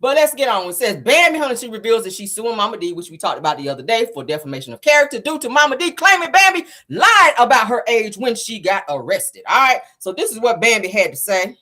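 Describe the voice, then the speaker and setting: A woman hosting a casual gossip show, sassy and animated, calling her listeners child and honey. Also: on the high side, quick pace, few pauses. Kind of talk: casual celebrity gossip commentary.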